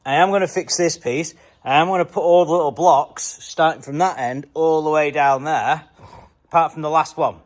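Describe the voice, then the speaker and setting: A man's voice: a little high, steady tone, normal speed. A man giving a chatty, self-mocking running commentary on his building work. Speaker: vlogger.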